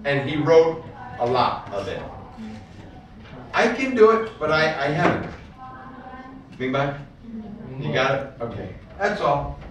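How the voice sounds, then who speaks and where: A man teaching English literature to a class, repeating key words slowly and patiently for the learners. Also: fairly high pitch, sing-song, background noise. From United States. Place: school classroom full of students. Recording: echoey classroom, far from the mic.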